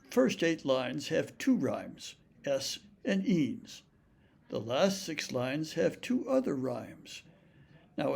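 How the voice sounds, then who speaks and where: Male lecturer, slow and gravelly, measured explanatory delivery, reads poems deliberately. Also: mid-range voice, a little mellow. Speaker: literature lecturer. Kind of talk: recorded lecture with poetry reading.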